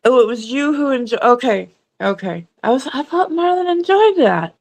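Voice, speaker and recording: A woman on a memorial livestream panel who answers gently and briefly. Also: sits high, animated, normal speed.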